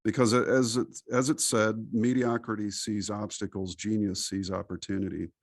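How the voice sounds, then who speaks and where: A middle-aged man from the United States, a podcast interview guest, talking in an animated, preachy storytelling way. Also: on the low side, normal speed, no room sound, clean studio sound.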